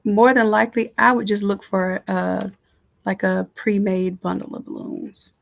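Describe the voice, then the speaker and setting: A woman design instructor giving a casual, chatty live software tutorial from home, talking straight to her viewers. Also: mid-range voice, fairly even intonation, a little slow, gravelly.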